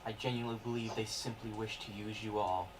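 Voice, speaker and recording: A man's voice: fairly low pitch, fairly even intonation, brisk. A man playing his character in a tabletop game, speaking formally and earnestly, recorded from a distant mic with hiss. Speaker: player. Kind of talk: in-character tabletop role-play.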